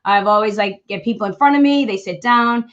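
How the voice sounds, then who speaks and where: A woman's voice: mid-range voice, fairly quick, lo-fi sound. A woman from Boston with a Boston accent hosting a podcast, chatting casually with a lot of fillers. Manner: chatty, many fillers, friendly. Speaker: podcast host. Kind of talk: casual chat and solo talk.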